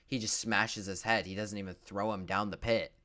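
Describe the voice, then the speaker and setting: A man's voice: lowish voice, steady tone, moderate pace, bright, forceful tone. A young man giving a profane, sarcastic movie recap, full of filler words and swinging between mutters and outbursts. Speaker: movie reviewer.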